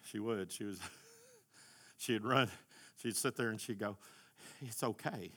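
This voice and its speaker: Middle-aged male pastor, fervent sermon delivery, bright tone. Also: on the low side, steady tone, unhurried. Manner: impassioned, shouting at peaks.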